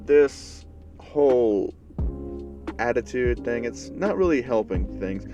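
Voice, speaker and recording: A man voicing a calm, reasonable adult female teacher. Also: mid-range voice, slow, muffled recording, over music. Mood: reasoning.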